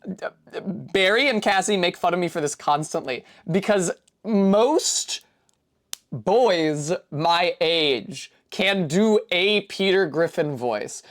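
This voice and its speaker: A young woman from Rhode Island, chatting casually on a live stream, rambling, swearing freely and poking fun at herself while answering chat. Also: fairly low pitch. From Rhode Island, USA. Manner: rambling, profane, self-deprecating; reads out and answers chat messages.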